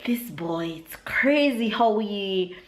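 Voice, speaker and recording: Slow-talking Jamaican woman vlogging at home. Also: animated. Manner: chatty, laughing often, coaxing her toddler in a high sing-song. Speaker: vlogger, mother. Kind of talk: casual home vlog. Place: home, indoors.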